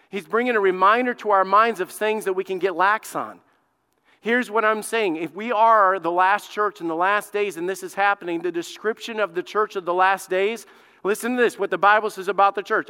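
A man preaching a sermon from the pulpit, emphatic and stirring, who rises to loud repeated exclamations. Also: high-pitched, a little fast, clean tone. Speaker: pastor. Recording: church hall reverb.

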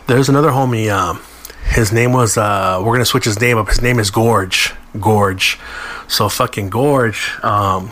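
A man's voice: medium pitch, a bit bright. A man, hosting a podcast and telling a long, profane, slangy story in a casual way. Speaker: podcast host.

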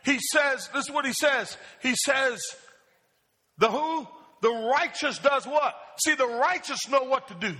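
Man preaching, very high voice, unhurried delivery, call-and-response questions, church sanctuary. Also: lively intonation, bright, forceful tone, big-room sound. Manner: asks the congregation questions and calls for answers. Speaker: pastor.

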